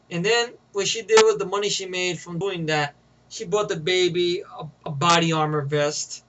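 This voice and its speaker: A young man with a fairly high voice talks through a movie he loves in a loose, rambling way. He stumbles, repeats himself and slips into the characters' lines as he retells scenes. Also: normal speed, fairly bright tone, slight background noise, poor audio. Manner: rambling, laughs often, restarts and repeats words. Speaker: movie reviewer. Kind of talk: casual spoken movie review.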